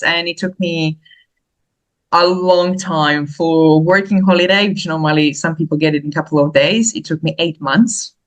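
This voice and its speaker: Woman telling a lively story. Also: on the low side, rough recording. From Slovakia. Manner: animated, laughs often, acts out quoted voices. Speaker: podcast guest. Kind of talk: casual storytelling in an interview.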